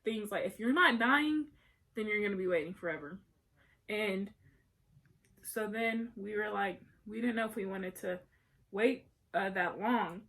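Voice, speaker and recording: A young woman tells a personal story to her viewers while getting ready, in a chatty, rambling vlog style. She wanders off on tangents and restarts her sentences, filling them with likes and ums. Her voice sits at an ordinary middle pitch. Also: fairly bright tone. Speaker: vlogger.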